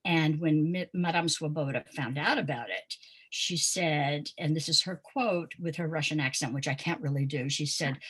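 An older woman from Pensacola tells stories as an interview guest. Her low voice carries a husky edge, and she talks conversationally with plenty of ums and uhs. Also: normal speed. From Pensacola, Florida. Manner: warm storytelling with frequent ums and uhs. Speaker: interview guest, dance teacher.

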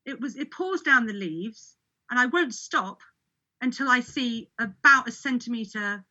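A British woman appears as an olive oil expert guest in a casual conversational interview, chatting about cooking with olive oil, laughing often and restarting sentences. Her voice is on the high side, bright and forceful, with lively intonation and an unhurried pace, though the recording is muffled.

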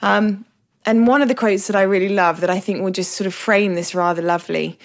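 A woman's voice: mid-range voice, fairly even intonation, fairly quick. A woman with an English accent hosting a solo podcast, talking in a candid, reflective way with self-deprecating humour. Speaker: podcast host.

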